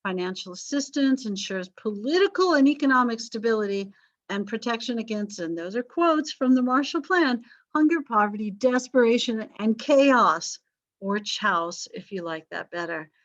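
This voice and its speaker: A woman's voice: on the high side, lively intonation, moderate pace. Chatty woman teacher, dull lo-fi lecture. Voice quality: voice strained from vocal cord damage. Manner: chatty, self-correcting, jokey asides. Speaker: history teacher. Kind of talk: recorded class lecture.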